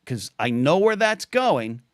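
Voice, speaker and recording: Animated man co-hosting a talk stream. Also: on the high side, slow pace, clean tone, dry recording, clean studio sound. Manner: animated, talks over his partner with many restarts. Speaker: co-host. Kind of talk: casual livestream chat.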